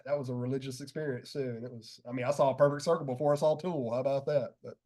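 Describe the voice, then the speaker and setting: A man's voice: mid-range voice, fairly even intonation, fast, warm tone. A man hosting a casual porch chat, telling concert stories in a laid-back way and laughing often. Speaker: podcast host.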